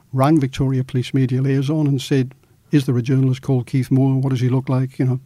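A middle-aged male journalist from Australia telling a story in an interview, lively and acting out the quoted dialogue. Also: medium pitch, no room sound.

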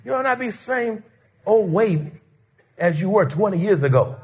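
Male pastor, high-pitched and animated, lively sermon delivery with acted-out quotes. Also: moderate pace. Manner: animated, call-and-response preaching with acted-out quotes.

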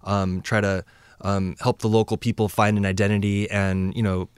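This traveler from the United States tells his stories in a casual, rambling way, full of fillers and acted-out dialogue. He speaks at normal speed with a lowish, smooth voice and flat delivery, recorded in clean studio sound with no echo.

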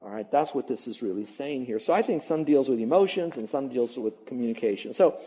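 A man preaching a sermon in a church, talking conversationally and drawing out key phrases slowly. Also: mid-range voice, expressive, dark tone, breathy edge. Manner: conversational preaching, stretches key words slowly, mutters mock grumbling. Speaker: pastor.

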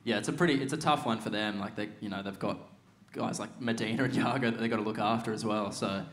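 A man's voice: lowish voice, steady tone, fast talker. Laid-back young Australian man laughing. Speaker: guest, pro surfer. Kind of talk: casual podcast chat.

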